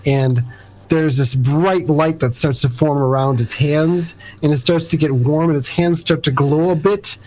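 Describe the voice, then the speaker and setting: A man acts as game master of a superhero tabletop game. He narrates in a relaxed, halting way with plenty of fillers, and his voice sits a little high for a man. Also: poor audio.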